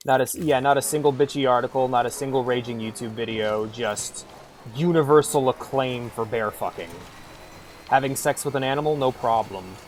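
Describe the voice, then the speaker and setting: A man's voice: medium pitch, normal speed, slight background noise. Rambling, irreverent male streamer. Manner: rambling, irreverent, swears freely. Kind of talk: casual gameplay chat.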